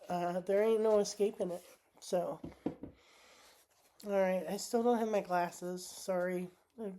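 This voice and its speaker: A woman vlogging while sick, talking through a tarot card reading in a halting way, with many pauses and restarts. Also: mid-range voice, warm tone. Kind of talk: casual spoken vlog.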